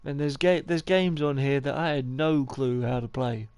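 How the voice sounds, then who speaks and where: A man's voice: mid-range voice, moderate pace, a little mellow, clear, resonant tone, dry recording. A man live-streaming a baseball game, talking in a rambling, stuttering, encouraging way. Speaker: gaming streamer.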